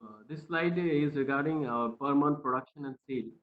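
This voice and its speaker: A man presenting slides in a webinar over a video call, hesitant with many fillers and speaking softly. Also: medium pitch, moderate pace. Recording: tinny phone-like line in an echoey room.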